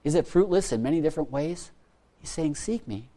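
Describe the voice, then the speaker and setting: A pastor preaches a sermon, earnest and pleading, firing off rhetorical questions and repeating words. At times he drops almost to a hush. His voice is a little high and his pace fairly quick.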